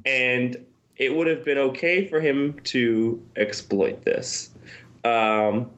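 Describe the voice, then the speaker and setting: A man's voice: medium pitch, slow pace, fairly bright tone, highs cut off. A man joining a podcast chat, rambling and correcting himself as he talks. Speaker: podcast guest. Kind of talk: casual chat.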